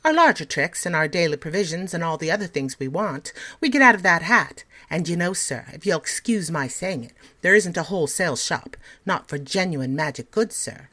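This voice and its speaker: A woman's voice: fairly low pitch, expressive, moderate pace, hardly any pauses, bright, forceful tone. A woman voicing a polite, affable male magic-shop conjurer in a storybook reading, courteous and showy.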